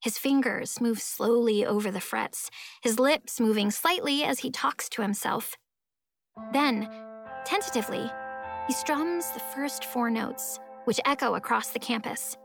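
Expressive woman reading a storybook. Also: fairly high pitch, measured pace, creaky, faint music behind. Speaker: audiobook narrator. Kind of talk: first-person storybook narration.

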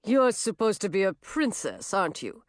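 A smug, sneering young nobleman, read by a woman who stays close to her own voice. His pitch rolls up and down with mock politeness, and the recording is dry and close. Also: animated, a little slow, dry recording. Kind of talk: audiobook character voice.

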